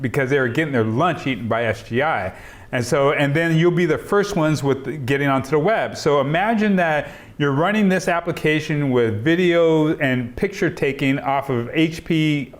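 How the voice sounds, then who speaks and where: A middle-aged man telling stories in an oral history interview over a video call, acting out the dialogue and laughing often. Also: fairly high pitch. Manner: animated storyteller, acts out quoted dialogue, laughs often. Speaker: interviewee, software entrepreneur.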